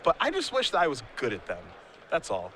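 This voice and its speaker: A man's voice: fairly high pitch, wildly swooping pitch, brisk, bright, forceful tone, a little hiss or hum. A man calling a card game tournament live as play-by-play commentator, with playful, teasing banter between plays.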